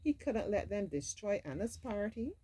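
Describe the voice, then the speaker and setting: Lady reading a kids storybook out loud, low dark voice, swoopy expressive delivery. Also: moderate pace, breathy edge, poor audio. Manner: expressive, adds casual asides. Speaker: storybook reader. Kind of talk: storybook read-aloud.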